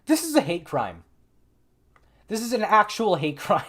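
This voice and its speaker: A man's voice: high voice, sing-song, measured pace, fairly bright tone. Male stream host, political commentary; sarcastic, exasperated, loose and unscripted with frequent restarts. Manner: thinks aloud with frequent restarts.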